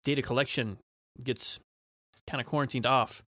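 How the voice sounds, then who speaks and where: A man's voice: medium pitch, fairly even intonation, moderate pace, sharp tone, dry recording, clean studio sound. A man co-hosting a podcast, talking thoughtfully with many hesitations and ums. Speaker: podcast co-host. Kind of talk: casual podcast chat.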